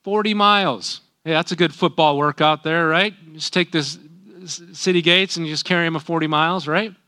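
A man's voice: fairly high pitch, fairly even intonation, fairly quick, pushed and bright, clean tone. A middle-aged man reading a Bible passage aloud and breaking in with casual, folksy comments as a teacher. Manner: reads scripture then breaks in with folksy asides.

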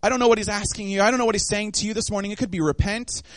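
A young adult man preaching a sermon, telling a story with lively, acted-out voices and quotes. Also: high-pitched, very fast, dry recording.

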